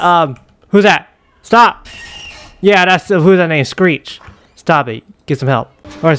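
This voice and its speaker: A man giving excitable let's play commentary, yelping and exclaiming at scares. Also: on the high side, no room sound. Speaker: gaming YouTuber.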